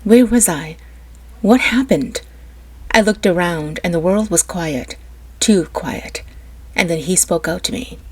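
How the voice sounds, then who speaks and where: A woman's voice: fairly low pitch, unhurried, long pauses, darkish tone, breathy edge. A woman narrating a first-person story with an emotional, dramatic delivery.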